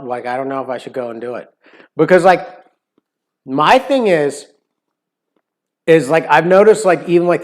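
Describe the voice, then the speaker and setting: An American man hosting a cooking livestream, chatting casually and rambling with lots of fillers. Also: on the high side. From United States. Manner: rambling, many "like" fillers, playful accent imitations. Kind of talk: casual chat.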